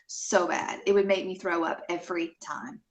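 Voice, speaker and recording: A woman's voice: lowish voice, fairly even intonation, moderate pace. A woman co-hosting a casual chat, reacting with short exclamations. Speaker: co-host. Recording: distant from the mic.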